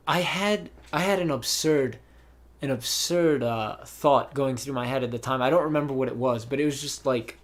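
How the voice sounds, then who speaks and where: A young man hosting a podcast, telling a long story in a casual, rambling way with many fillers and restarts. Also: mid-range voice. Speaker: podcast host. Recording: voice call.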